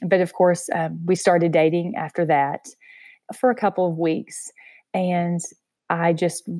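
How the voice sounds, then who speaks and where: A woman's voice: on the low side, fairly even intonation, a little slow, no echo, clean studio sound. A woman with a Southern US accent, earnestly telling her personal story in an interview, with lots of "you know.". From Texas. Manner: soft-spoken, earnest, heavy use of "you know". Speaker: interview guest.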